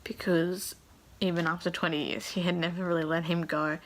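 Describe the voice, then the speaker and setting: A woman's voice: on the low side, flat delivery, brisk, a little hiss or hum. A woman book vlogger reading a novel aloud and giving her emotional reactions, sighing and dropping to a half-whisper at times.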